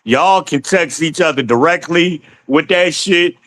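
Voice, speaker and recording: A man running a livestream reads viewers' messages aloud, addressing them as y'all, cussing freely and laughing often as he comments casually. He speaks at a measured pace in a slightly high, fairly bright voice, captured on a rough recording.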